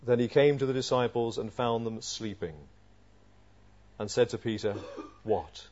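A male preacher giving an expository sermon, asking rhetorical questions and swinging from loud emphasis to a hushed voice. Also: mid-range voice, fairly even intonation, normal speed. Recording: dull lo-fi sermon recording.

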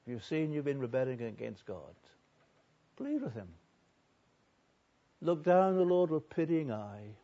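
A man preaching a sermon earnestly, building loud on repeated lists and then dropping low and quiet. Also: very animated, moderate pace, pauses often, lo-fi sound.

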